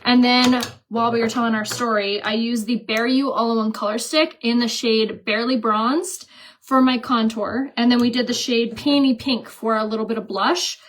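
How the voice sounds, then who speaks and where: A woman makeup vlogger with a slightly high voice talks casually to her viewers. She rambles with plenty of "like" fillers and acts out other people's lines as she tells a family story. The tone is chatty and conversational throughout. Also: fairly even intonation, normal speed. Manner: chatty, lots of "like" fillers and quoted dialogue.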